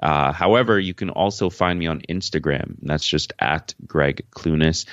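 Very deep-voiced man from Jamaica. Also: moderate pace, a bit bright, no echo, highs cut off. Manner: frank, easygoing explanations. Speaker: podcast guest. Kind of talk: casual interview answers.

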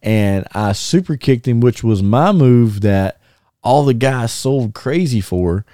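Relaxed man telling wrestling stories. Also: mid-range voice, takes it slowly, no room sound, clean studio sound. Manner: animated, laughing, many restarts and fillers. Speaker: former wrestler, podcast guest. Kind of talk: casual storytelling chat.

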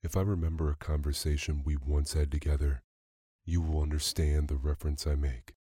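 A sorrowful, tender uncle speaks gently to his niece, voiced by a man reading a story aloud. The voice is very deep and mellow, with little rise and fall, and the recording is close and dry. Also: steady tone, a little fast, breathy edge, no echo. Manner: soft, tender delivery.

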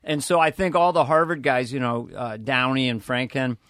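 A man, a comedian guest, telling lively stories in a casual podcast interview, dropping into quoted voices and swearing now and then. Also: mid-range voice, moderate pace, no room sound, studio quality.

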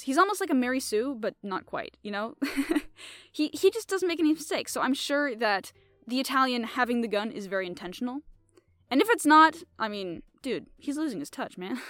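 A young woman reads a story aloud and then drops into loose, chatty commentary, laughing easily. Her fairly high voice moves around a lot in pitch. The sound is dry and close, with faint music behind her. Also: fairly bright tone, no echo. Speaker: podcast host.

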